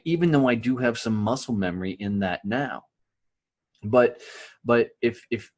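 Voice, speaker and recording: A man's voice: mid-range voice, slightly rough. A middle-aged man from the rural United States, a podcast guest telling stories in a blunt, profane way and often checking in with "right?". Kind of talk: casual storytelling.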